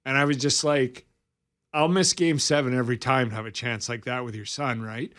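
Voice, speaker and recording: A man's voice: mid-range voice, normal speed. A man in his forties from Alberta, co-hosting sports radio and telling a long story in a casual way, acting out the quotes. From Alberta, Canada. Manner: animated, acts out quoted dialogue.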